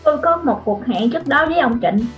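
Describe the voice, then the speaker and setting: Lady doing a firm caller needing the boss now, high voice, muffled lo-fi sound. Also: expressive, quick pace, soft background music. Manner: firm, urgent. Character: adult woman caller claiming an appointment with the boss.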